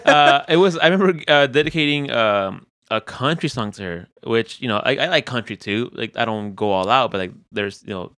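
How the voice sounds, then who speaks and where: Animated young man telling stories. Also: a little fast, hardly any pauses, dry recording, studio quality. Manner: animated storyteller, acts out quotes in a high voice. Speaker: podcast co-host. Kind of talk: casual chat.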